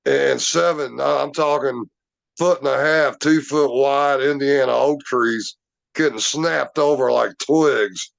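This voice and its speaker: A man's voice: medium pitch, creaky. A man casually telling a rambling personal story, with many fillers and restarts. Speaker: Bigfoot researcher telling a story.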